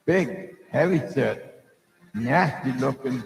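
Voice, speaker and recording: Middle-aged male psychic host, rough gravelly voice, meandering spoken story, booming echoey room. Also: lively intonation, takes it slowly. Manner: meandering, loses his thread, many fillers. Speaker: psychic storyteller hosting a live stream. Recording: echoey room with long reverb.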